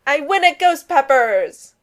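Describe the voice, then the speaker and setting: A woman's voice: fairly low pitch, lively intonation, brisk, a bit bright. A woman reading a laid-back cocky archer. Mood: triumphant. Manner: offhand, mumbling.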